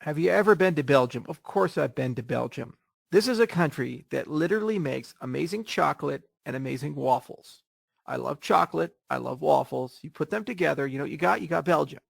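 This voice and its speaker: A man's voice: on the high side, animated, brisk, vocal fry, husky, dry recording, studio quality. A man hosting a casual question-and-answer session, answering viewer questions bluntly and with jokes. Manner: blunt, joking, profane. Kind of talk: casual livestream Q&A.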